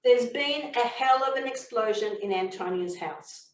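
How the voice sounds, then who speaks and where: A woman giving a communication training webinar, explaining and telling a story in a measured way. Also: on the high side. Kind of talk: webinar teaching. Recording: echoey room, mic far off.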